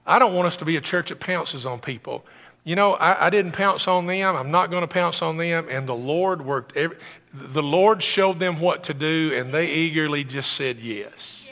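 A pastor with a high, bright voice preaches with lively, building energy. His words ring out in a church hall with a long reverb. He tells his congregation a story in an animated sermon. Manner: animated preaching, rising to excited emphasis. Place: church sanctuary.

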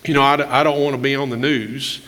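An older man, a pastor, preaching a conversational sermon with candid stories, often clearing his throat and restarting phrases. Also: medium pitch, fairly even intonation, brisk, sharp tone. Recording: long reverb of a large hall.

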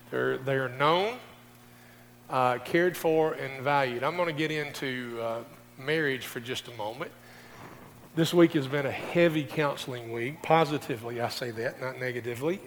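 A man's voice: mid-range voice, a bit bright, slight background noise. Folksy male pastor in a big hall. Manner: folksy, addresses the congregation directly. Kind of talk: sermon. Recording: distant voice in a reverberant hall.

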